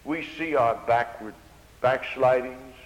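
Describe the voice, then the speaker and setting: Male preacher, old-style sermon cadence that surges and hushes, reverberant hall. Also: mid-range voice, slow pace, dull audio. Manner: swells loud then drops to a hush, old-fashioned preaching cadence. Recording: echoey hall with faint hiss.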